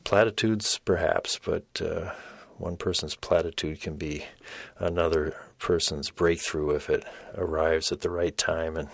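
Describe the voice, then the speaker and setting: Deep-voiced older man musing on a podcast. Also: fairly even intonation, measured pace, creaky, dry recording. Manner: thoughtful, hesitant, many fillers. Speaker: podcast host. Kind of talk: reflective podcast commentary.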